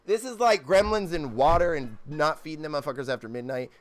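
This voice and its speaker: A man's voice: a little high, fast. Profane, rambling male streamer. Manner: loose and profane, rambling with frequent "like" and "dude". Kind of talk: casual live-stream chat while gaming. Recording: motorbike game engine noise behind.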